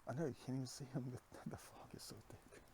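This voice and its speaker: A man vlogging outdoors on a foggy hillside, talking in a hushed, often half-whispered, reflective way into a phone headset mic. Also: medium pitch, steady tone, brisk, noisy background. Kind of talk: musing outdoor vlog. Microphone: iPhone with plugged-in headset.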